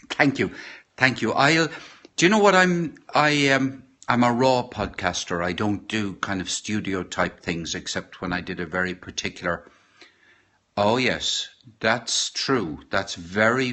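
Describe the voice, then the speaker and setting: Rambling Irish man, low voice. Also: pushed and bright. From Ireland. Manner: rambling, halting, with many fillers and restarts. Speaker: podcaster. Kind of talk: casual live-stream chat. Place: home kitchen.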